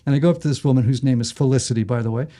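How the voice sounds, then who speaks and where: A man's voice: medium pitch, racing. A middle-aged man, an author and guest, telling stories animatedly in conversation and acting out the voices in them. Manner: lively, acts out voices in anecdotes.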